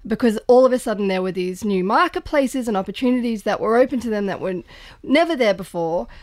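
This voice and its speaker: A woman's voice: a little high, lively intonation, fairly quick, darkish tone, no room sound. Woman, podcast co-host, earnest and thoughtful, dry studio sound. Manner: earnest, thoughtful, with frequent restarts. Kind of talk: casual podcast discussion.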